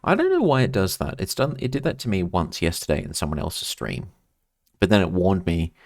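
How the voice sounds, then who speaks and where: Australian male streamer, low voice, chatty and rambling, dry close sound. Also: very animated, fairly quick, darkish tone, no echo. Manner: rambling, chatty, reads chat aloud. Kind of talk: casual chat while gaming.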